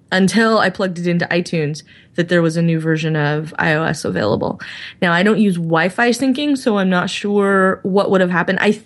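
A woman co-hosting a casual tech podcast, chatty as she explains things step by step. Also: lowish voice. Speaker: podcast co-host.

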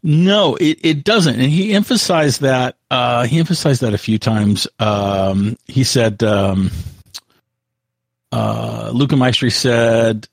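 A man co-hosting a casual tech podcast, talking in a halting way with frequent restarts. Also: mid-range voice, gravelly, no echo. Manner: halting, full of restarts, reads out quotes. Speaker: podcast co-host.

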